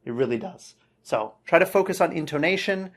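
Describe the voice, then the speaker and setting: A man teaching English, giving relaxed spoken feedback on a student's answer and checking in with "okay" as he goes. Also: fairly high pitch, fairly quick. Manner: relaxed, explanatory, says okay often.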